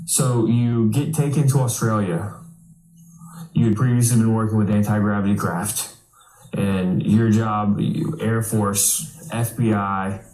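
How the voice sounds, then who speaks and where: Man, interviewer, casual and polite, lowish voice, roomy echo, music behind. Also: steady tone, unhurried, darkish tone. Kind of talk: interview questions. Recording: echoey room with music underneath.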